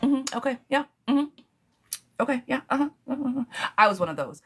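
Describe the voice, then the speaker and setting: A woman hosting a live tarot stream, chatting casually and affectionately, with many pet names for her viewers and quick, animated bursts of talk. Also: high-pitched, breathy edge. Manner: animated, talks fast in bursts, laughs often.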